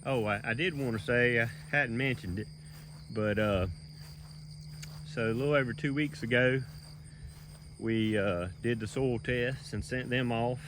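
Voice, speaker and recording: In this casual walking vlog, a middle-aged land manager shows off his dove field outdoors, recorded on a handheld camera as he goes. He has a mid-range voice and a measured pace with long pauses, sounding a bit out of breath, folksy and rambling with lots of fillers. The background is noisy.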